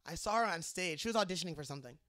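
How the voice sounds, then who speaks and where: A man's voice: fairly high pitch, animated, racing, sharp tone, no room sound, studio quality. A man with a Cleveland accent, co-hosting a casual podcast, swearing freely and teasing with mock outrage. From Cleveland, Ohio. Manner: profane, laughing, mock-outraged. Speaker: podcast co-host.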